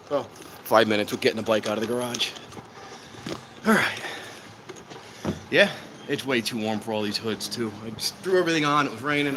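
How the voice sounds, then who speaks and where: Breathless man streaming trains outdoors. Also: medium pitch. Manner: rambling, self-deprecating, thinking aloud. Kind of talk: casual live-stream chat. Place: outdoors at a train station in rain. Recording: outdoor stream with clear background noise. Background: outdoor ambience, clear background noise.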